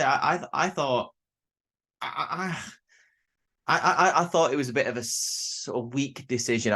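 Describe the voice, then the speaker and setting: A man's voice: medium pitch, fairly bright tone. A young man giving a casual spoken review of a wrestling show, rambling and often stammering and restarting his sentences.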